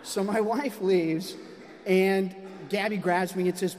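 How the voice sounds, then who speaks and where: A man telling a personal story to a live audience, animated and self-mocking. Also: high voice, takes it slowly. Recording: long hall reverb.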